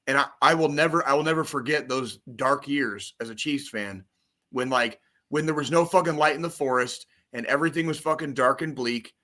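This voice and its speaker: A man co-hosting a loose podcast chat, his voice bright and forceful. He rants about football in a profane, rambling, excitable way, piling on swear words as he goes. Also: mid-range voice, fairly quick. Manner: profane, excitable, rambling sports-fan rant. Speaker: podcast co-host. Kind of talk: casual chat.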